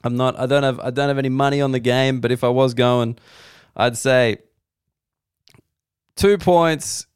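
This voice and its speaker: A man's voice: medium pitch, level tone, fairly quick, clear, resonant tone, no echo, clean studio sound. A man in his thirties with an Australian accent, a comedian doing a rambling, wry, self-deprecating solo podcast monologue.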